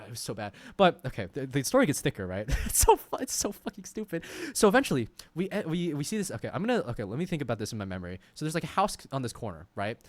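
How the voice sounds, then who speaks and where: A man's voice: mid-range voice, no echo. A young man casually telling a rambling story as a streamer, full of fillers, laughing as he goes.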